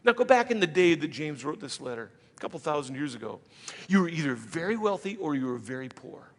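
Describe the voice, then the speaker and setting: A man preaching a sermon as pastor, conversational, slipping into quick voices of imagined listeners. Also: fairly high pitch, sing-song. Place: church sanctuary. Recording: church hall with long reverb.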